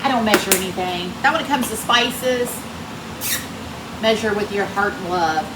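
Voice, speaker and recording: A woman's voice: mid-range voice, normal speed. Chatty woman in a roomy kitchen. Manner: chatty, folksy, talks straight to viewers. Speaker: cooking vlogger. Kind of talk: casual cooking chat. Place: home kitchen. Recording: roomy kitchen with air-conditioner hum. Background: central air running.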